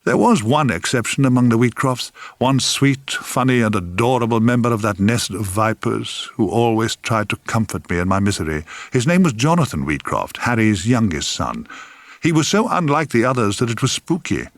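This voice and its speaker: A man reading his own memoir aloud in a wry, theatrical way, sometimes dropping to a hush. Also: medium pitch, sing-song, moderate pace, no echo. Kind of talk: audiobook memoir narration.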